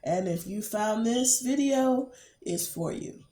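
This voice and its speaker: Slow, nasal woman with a cold. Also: mid-range voice, expressive, echoey room, noisy background. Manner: slow, hesitant, many ums, murmurs quietly while shuffling cards. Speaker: tarot reader, channel host. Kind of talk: casual tarot reading vlog.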